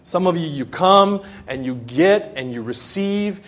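A middle-aged male pastor preaching a sermon, emphatic and animated, often repeating his phrases. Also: on the high side, unhurried.

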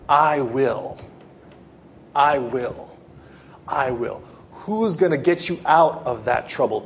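A man preaching a sermon as pastor, emphatic and repetitive, with halting restarts and fillers, sinking to hushed low lines.

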